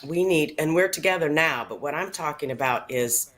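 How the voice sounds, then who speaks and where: A woman's voice: deep voice, moderate pace, fairly bright tone. A woman speaking earnestly and from the heart as a regular on a radio talk show, in casual conversation. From Chicago area. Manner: earnest, heartfelt, tearful at times.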